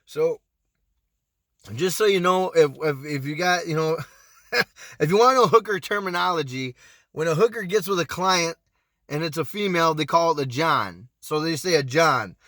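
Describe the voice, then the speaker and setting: High-voiced guy in his 30s telling a crazy story, swears a lot, acts out the quotes, dry close sound. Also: normal speed, no echo. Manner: animated, profane, acts out quotes. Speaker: storytime vlogger. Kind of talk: casual storytelling.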